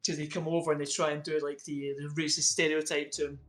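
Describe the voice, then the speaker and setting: A man narrating a tabletop game as game master, relaxed and quick to laugh. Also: fairly high pitch.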